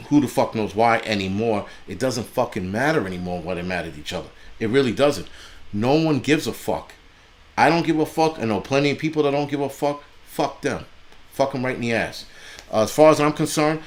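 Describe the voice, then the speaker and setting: A man hosting a livestream, ranting angrily and bluntly with heavy profanity and mocking asides. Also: mid-range voice. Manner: angry, blunt and heavily profane, mocking voices in quotes. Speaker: livestream host. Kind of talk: profane political rant on a livestream.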